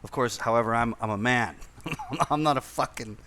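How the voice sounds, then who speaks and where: A man's voice: mid-range voice, normal speed, sharp tone. A man hosting a casual podcast chat, telling a profane anecdote with lots of repeated words and laughter. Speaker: podcast host. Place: lived in Indonesia.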